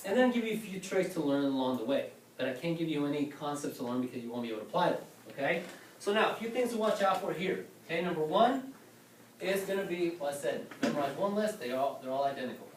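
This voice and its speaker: A man's voice: a little high, expressive, fast talker, far from the mic, slight background noise. A man teaching a class, lecturing and often asking questions and checking with "okay?". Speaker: Spanish teacher. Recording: roomy classroom from afar.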